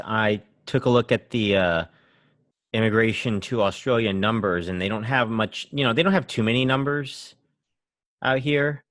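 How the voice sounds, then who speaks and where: An American man hosts a casual podcast in a slightly low voice, dropping dry jokes. His sound is close and dry with no room echo. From United States. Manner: relaxed, wry, joking asides. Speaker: podcast host.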